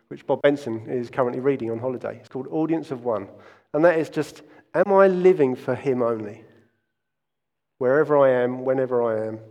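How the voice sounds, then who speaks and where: A man's voice: mid-range voice, darkish tone, long reverb tail. A man, preaching a sermon and telling stories earnestly, often restarting his phrases. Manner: earnest storytelling with frequent restarts. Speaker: pastor.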